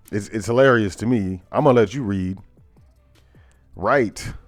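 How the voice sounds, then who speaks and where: Male host, low voice, dry close mic, faint music bed; chatty and amused while reading the news. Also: no room sound. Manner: laughs often, reads headlines aloud with asides. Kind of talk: casual current-events commentary.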